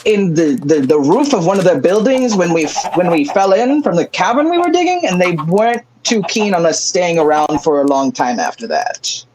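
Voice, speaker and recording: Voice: medium pitch, sing-song, moderate pace, few pauses, background noise. A streamer in casual chat, playful and jokey, rambling through silly asides. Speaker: streamer, co-host. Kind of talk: casual chat while gaming.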